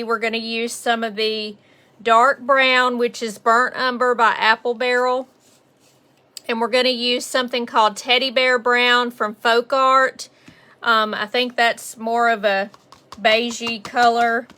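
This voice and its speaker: A woman's voice: on the high side, sharp tone, a little hiss or hum. A woman with a Southern accent leading a casual live painting lesson. She chats along and greets viewers by name. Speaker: painting instructor on a livestream. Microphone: phone on a mount.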